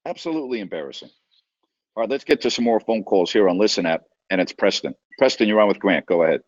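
A man's voice: fairly low pitch, animated, fast, no room sound. A man hosting a sports talk radio show, ranting emphatically and taking callers. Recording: dull lo-fi sound.

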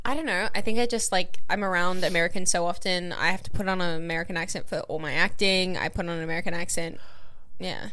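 A woman's voice: lowish voice, fast talker, pushed and bright, slight background noise. A woman from Australia in casual podcast chat, bubbly and gushing as she talks.

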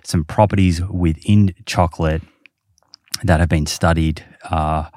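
A man's voice: deep voice, fairly even intonation, a little slow, darkish tone, dry recording, clean studio sound. A man hosting a podcast, explaining research casually with many fillers. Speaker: podcast host. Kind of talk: casual chat.

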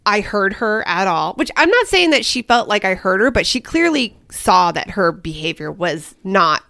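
A woman's voice: mid-range voice, big pitch swings, normal speed, creaky, bright, forceful tone, dry recording, studio quality. Chatty woman co-hosting a parenting podcast. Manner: chatty storytelling, acts out her daughter's lines. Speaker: podcast co-host. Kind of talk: casual parenting chat.

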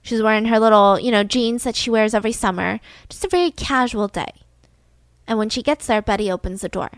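A woman podcast host casually retelling a true-crime story in an animated, chatty way. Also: on the high side, brisk, dry recording. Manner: animated, chatty, slips into voices.

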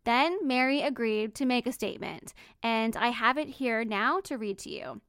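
Woman host for true-crime narration: fairly high, smooth voice, calm and measured, dry close sound. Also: no room sound. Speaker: podcast host.

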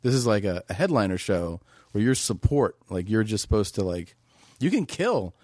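Comedian guest, middle-aged man, low voice, loose rambling delivery, dry mic. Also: moderate pace, dry recording. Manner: relaxed, rambling, frequent restarts and "like". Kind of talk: casual chat.

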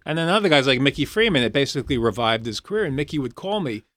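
Lively, bright-voiced man telling stories. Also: mid-range voice, fast talker, no room sound. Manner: rambling, full of "you know", lively storyteller. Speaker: guest illustrator. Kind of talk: casual podcast interview.

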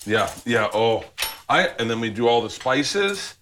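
Male cooking-show host, eager chatter, mid-low voice, faint background noise. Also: very animated. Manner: eager, chatty, lots of quick yeahs. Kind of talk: casual chat while cooking. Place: home kitchen.

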